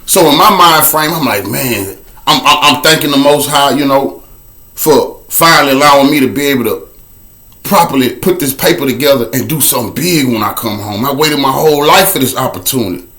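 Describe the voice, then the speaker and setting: A man telling his own story in a casual, animated way, dropping to a low murmur for a repeated refrain. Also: a little fast.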